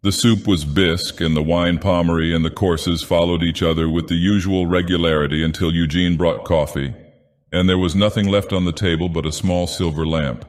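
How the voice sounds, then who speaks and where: Grave theatrical storyteller, man, very low voice, long hall reverb. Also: steady tone. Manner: slow, grave theatrical villain persona. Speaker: audiobook narrator. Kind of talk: scripted storybook narration.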